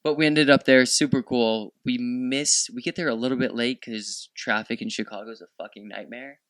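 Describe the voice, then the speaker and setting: Young dude guest, bright punchy voice, swears a lot, dry room. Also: male voice, medium pitch, normal speed, no room sound. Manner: excitable, profane storytelling. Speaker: podcast guest. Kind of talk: casual chat.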